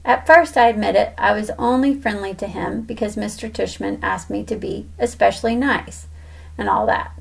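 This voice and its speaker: A woman's voice: mid-range voice, moderate pace, vocal fry, husky. A woman reading a children's novel aloud in a casual first-person storytelling tone. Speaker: audiobook reader.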